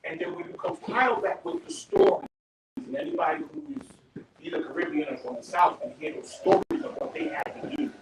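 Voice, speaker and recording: A man's voice: very high voice, wildly swooping pitch, a little fast, vocal fry. A man in his fifties on a barbershop panel, rambling through family stories with many restarts and laughs. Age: 50s. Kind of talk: casual panel talk. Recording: echoey room, distant mic, noisy.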